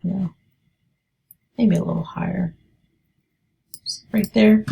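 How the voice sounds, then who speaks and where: A woman's voice: sits low, creaky, mellow. A woman day trader giving live trading commentary, thinking aloud and hesitant as she talks.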